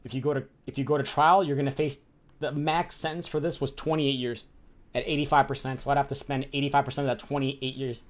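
A man's voice: mid-range voice, little pitch movement, quick pace. A young man from the Chicago area telling a personal story in a casual, profane and heated way, acting out the people in it. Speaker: streamer telling his life story.

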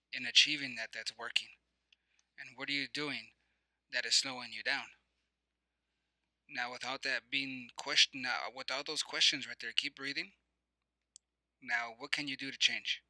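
A man's voice: mid-range voice, bright, forceful tone, no echo, low-quality recording. A man giving a motivational teaching talk, guiding listeners through reflective questions and breathing cues in a conversational, repetitive way. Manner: conversational with many fillers and restarts. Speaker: motivational coach.

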